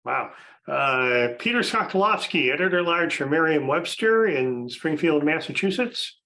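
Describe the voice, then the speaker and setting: A man's voice: fairly high pitch, expressive, moderate pace, sharp tone, poor audio. A man hosting a podcast, casually introducing a panel of guests, chatty with frequent fillers and restarts. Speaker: podcast host.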